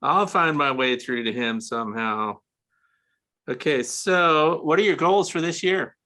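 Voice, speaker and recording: A man's voice: a little high, lively intonation, unhurried, bright, forceful tone. A man hosting a casual interview, chatty and curious, asking follow-up questions. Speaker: interviewer host.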